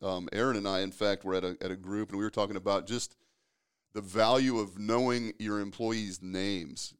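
Smooth-voiced, lower-pitched man. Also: moderate pace. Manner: storytelling, relaxed, with filler restarts. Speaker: podcast host, safety professional. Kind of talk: casual conversation.

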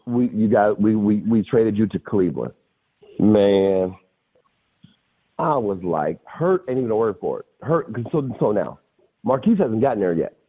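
Husky man telling stories over a tinny line. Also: low voice. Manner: animated, laughs often, repeats phrases. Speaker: podcast guest. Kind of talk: casual storytelling. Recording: phone-like lo-fi audio.

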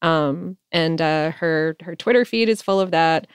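Woman podcast co-host, smooth low-ish voice, hesitant, dry studio sound. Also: measured pace, dry recording. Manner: hesitant, many fillers and restarts. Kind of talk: casual chat.

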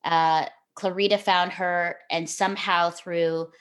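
A woman's voice: on the low side, flat delivery, takes it slowly, a bit bright. A middle-aged woman, a television host speaking as a podcast guest, telling a personal story earnestly and from the heart, with frequent restarts. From Canada.

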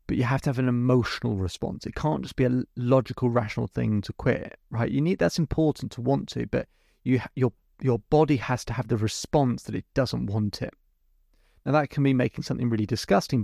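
A middle-aged man hosts his podcast, walking through a client session step by step in a storytelling monologue. His voice has a gravelly edge, and he is recorded close and dry, with no room sound. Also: mid-range voice, a little mellow, dry recording. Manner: recounts a client session step by step, then explains. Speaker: podcast host and hypnotherapist.

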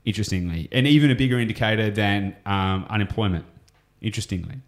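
A man's voice: on the low side, fast talker. An Australian man explaining property investing on a podcast, enthusiastic and rambling, often going off on tangents.

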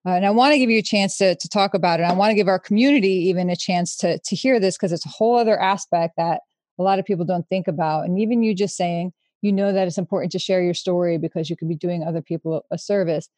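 Woman host speaking in a measured way. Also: on the low side, a little mellow, dry recording, clean studio sound. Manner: measured and empathetic, framing questions carefully. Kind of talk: interview conversation.

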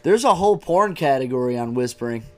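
A man's voice: mid-range voice, expressive, quick pace. A young man co-hosting a casual bar-talk podcast, joking and cursing freely. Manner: profane, joking, laid-back. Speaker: podcast co-host.

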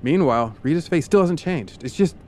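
A man's voice: a little high, lively intonation, a little fast, a little mellow, slight background noise. A man hosting a podcast, telling a true story in the second person and playfully acting out the people in it. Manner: vivid, playful, acts out side characters with funny voices. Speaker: podcast host.

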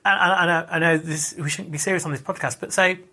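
A man's voice: a little high, steady tone, fast talker, pushed and bright. A man, a podcast guest in casual conversation, who talks hesitantly with lots of restarts and "sort of" fillers.

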